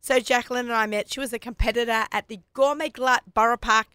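A middle-aged woman with an Australian accent hosting a radio talk show, chatty and quick to laugh. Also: fairly high pitch, fairly even intonation, pushed and bright, smooth, no echo, studio quality. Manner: chatty, laughs often, does little voices when quoting. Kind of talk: casual chat.

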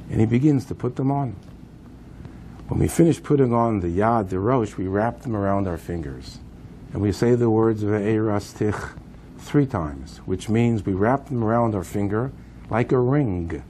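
A man's voice: on the low side, measured pace, warm tone, a little hiss or hum. A man speaking at a memorial program, telling a dramatic story with emphasis and swings of pace.

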